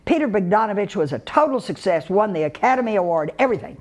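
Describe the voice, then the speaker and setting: An older Texan woman with a mid-range, slightly mellow voice talks fast and animatedly. She spins unhurried, folksy tales of her acting career for a live audience, chuckling often and drifting through filler words.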